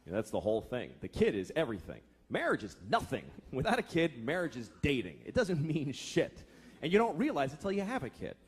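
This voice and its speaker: A man in his thirties performs a profane stand-up set on a comedy club stage, slipping into acted voices and deep, groaning mimicry. His pitch swoops wildly, his pace is a little fast with a breathy edge, and the live recording picks up crowd laughter and noise.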